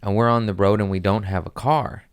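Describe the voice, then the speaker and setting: A man hosting a podcast talks a little fast in a smooth, fairly low voice, captured in a dry, studio-quality recording. He tells rambling stories in casual chat and acts out people's quotes with animation.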